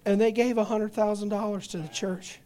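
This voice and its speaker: High-voiced, passionate male pastor preaching. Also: steady tone, brisk. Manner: passionate storytelling preaching, swings from hushed to loud. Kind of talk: sermon.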